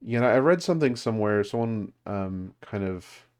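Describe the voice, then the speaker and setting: A man's voice: fairly low pitch, animated, normal speed, darkish tone, smooth. A man leading a language study group, explaining grammar casually with many fillers and restarts. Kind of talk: casual teaching over a call.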